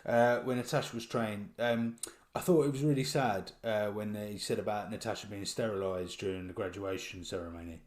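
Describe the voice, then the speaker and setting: British male co-host, lower voice, easygoing and reflective, lots of ums. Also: brisk, few pauses. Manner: relaxed, thoughtful, with many fillers. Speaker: podcast co-host. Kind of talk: casual chat.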